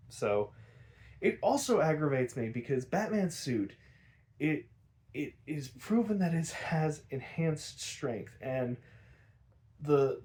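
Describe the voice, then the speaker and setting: A man's voice: mid-range voice, mellow. A man casually recapping a cartoon episode, rambling, swearing and laughing often.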